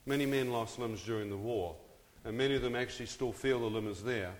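A man quoting his elderly grandfather, who explains gently and calmly. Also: medium pitch, brisk, close to an everyday voice. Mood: gentle. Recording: hall with long reverb.

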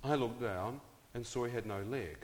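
A man's voice: mid-range voice, moderate pace. A man giving a storytelling testimony to a live audience, drawing them in with questions and jokes. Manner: engages the crowd with questions and jokes. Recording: hall with long reverb.

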